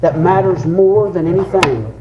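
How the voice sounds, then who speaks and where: A man's voice: sits high, expressive, moderate pace, highs cut off, a crowd in the background. A man preaching a fervent sermon, calling on listeners by name and rising into a chanted, sing-song delivery. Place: church sanctuary. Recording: echoey church room.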